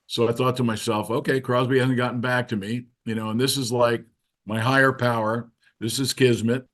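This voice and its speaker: A man's voice: medium pitch, steady tone, moderate pace. A man guest in an interview, telling a story casually and acting out the quoted voices. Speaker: interview guest, keyboard musician.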